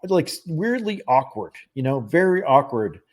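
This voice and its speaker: A man who is a psychic medium, telling a story as a podcast guest, earnest and animated, acting out the dialogue and often restarting his phrases. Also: mid-range voice, measured pace. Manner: animated, acts out quoted dialogue. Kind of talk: conversational storytelling.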